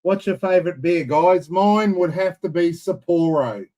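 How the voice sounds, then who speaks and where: A man's voice: sits high, normal speed, mellow. A man with an Australian accent co-hosting a casual live stream, laid-back with dry asides. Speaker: co-host.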